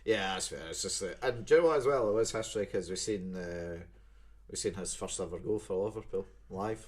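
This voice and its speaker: Young Scottish podcast co-host, very low-pitched, sweary storyteller. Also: male voice, fairly quick. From Scotland. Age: 20s. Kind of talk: casual chat.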